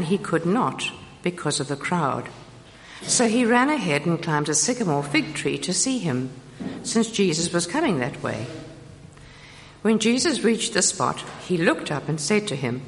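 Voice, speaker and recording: A woman reads scripture aloud at a slow, careful pace. Her voice sits low, and it rings in a reverberant church hall with a faint hiss of background noise. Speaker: scripture reader. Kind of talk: church Bible reading.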